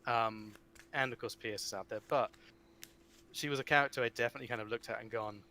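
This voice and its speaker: A man in casual conversation about a trading card game, voice pitched in the middle range. He rambles and restarts often, breaking into lively asides. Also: quick pace. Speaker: guest, card game writer.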